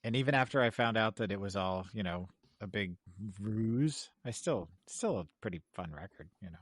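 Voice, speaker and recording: Animated joking man on a podcast. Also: on the low side, normal speed, no echo, clean studio sound. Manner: animated, jokey, bursts into silly bits. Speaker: podcast co-host. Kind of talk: casual chat.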